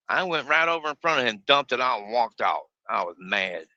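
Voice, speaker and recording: A man's voice: medium pitch, big pitch swings, a little fast, hardly any pauses, sharp tone, no echo, highs cut off. A man streaming live from his truck, chatting in a folksy, grumbling way and laughing often. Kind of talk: casual live-stream chat. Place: inside a semi truck cab.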